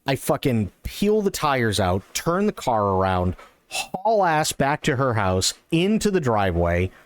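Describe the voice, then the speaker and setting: A man streaming live, telling a long personal story in an animated, excitable way and swearing often. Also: medium pitch, unhurried, dry recording. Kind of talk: casual storytelling.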